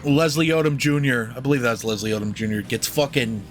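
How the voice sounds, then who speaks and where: On a film podcast, a young co-host reviews a movie in loose, joking, profane chatter that tends to ramble. His mid-range voice moves fairly quickly, with faint music behind him.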